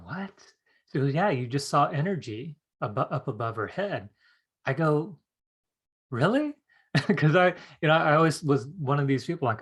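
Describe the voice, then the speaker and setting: Middle-aged male workshop teacher, lively storyteller, medium pitch. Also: slightly rough. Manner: animated storyteller acting out quoted voices. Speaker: psychic development teacher.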